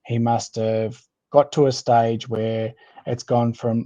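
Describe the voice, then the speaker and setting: An Australian man co-hosting a casual sports podcast, jokey and laughing often, with relaxed slang. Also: mid-range voice, slow. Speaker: podcast co-host. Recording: slightly dull lo-fi sound.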